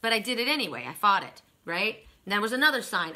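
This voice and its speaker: A woman's voice: mid-range voice, big pitch swings, quick pace, pushed and bright. A middle-aged woman giving a spiritual card reading, telling rambling stories with many restarts and asides. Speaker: tarot and oracle card reader. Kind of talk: casual spiritual reading monologue.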